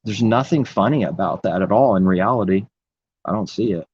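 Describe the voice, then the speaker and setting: A man's voice: fairly low pitch, normal speed, darkish tone, breathy edge, muffled recording. A man preaching in an impassioned, rambling religious monologue, repeating his phrases.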